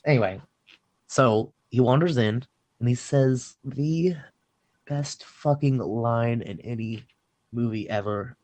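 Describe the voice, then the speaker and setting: A man in an everyday middle-pitched voice, recapping a movie for a podcast co-host. He tells it in an animated, profane way and keeps jumping into acted-out lines from the film. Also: slow pace. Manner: animated storytelling, swearing, acting out lines. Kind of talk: casual chat.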